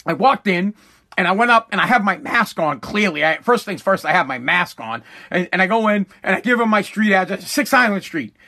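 A man in full rant mode, swearing freely and circling back over his points. His voice sits high and sounds bright and edgy, lifting higher whenever he pushes a point. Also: a little fast. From Massachusetts. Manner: profane, animated, repeats himself. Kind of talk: casual rant monologue.

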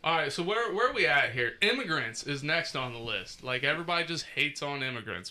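An easygoing man hosting a podcast, with a slightly higher, very bright and sharp voice. He moves through topics casually and laughs a lot. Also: big pitch swings, fairly quick, few pauses. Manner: easygoing, laughs often, runs the list. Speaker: podcast host. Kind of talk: casual chat.

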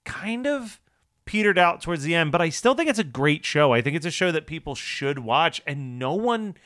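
A man's voice: fairly high pitch, big pitch swings, normal speed, a bit bright, dry recording, studio quality. A man co-hosting a podcast, recapping a TV episode in casual, wry chat and laughing often.

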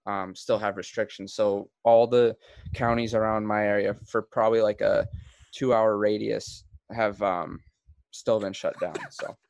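A man hosting a podcast in casual chat, relaxed and rambling with plenty of fillers and restarts. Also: lowish voice, a little slow, creaky. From Florida. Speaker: podcast host.

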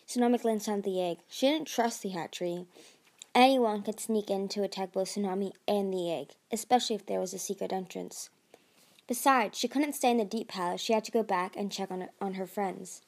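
A woman hosting her own podcast, reading a novel chapter aloud with steady narration and the odd slip and restart. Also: medium pitch, brisk. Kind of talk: audiobook-style narration.

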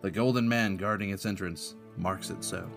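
A game master puts on a hammy Spanish accent to play a sixteenth-century Spanish explorer, solemnly recounting his journal over background music. His fairly low voice carries some vocal fry, and he reads each entry in a steady, measured way.

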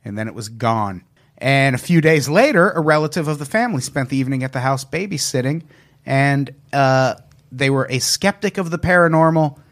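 A man hosting a casual podcast, reading out spooky stories and joking with friends. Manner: storytelling with animated pitch, quick to laugh. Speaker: podcast host.

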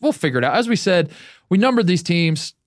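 A man's voice: high-pitched, sing-song, brisk, no room sound, studio quality. A man co-hosting a casual sports podcast, offering wry, deflating commentary. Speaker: podcast co-host.

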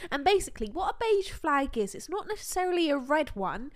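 A young woman co-hosting a podcast, chatty, giggly and excitable in casual talk. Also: sits high, a little fast. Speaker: podcast co-host. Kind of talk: casual chat.

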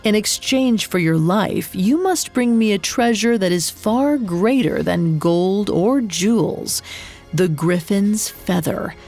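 Woman doing a low, quiet warrior chief. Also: animated, soft background music. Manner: slow, low and measured. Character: deep-voiced one-eyed male warrior chief, calm, menacing.

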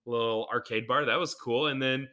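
A man co-hosting a casual podcast chat, telling animated stories and acting out what people said. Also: mid-range voice, normal speed. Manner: animated storyteller who acts out quotes. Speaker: podcast co-host.

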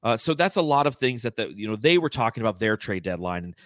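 A man's voice: on the low side, big pitch swings, fast talker, a bit bright, dry recording, clean studio sound. A man hosting a casual sports podcast, reading out fan comments and laughing often. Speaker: podcast host.

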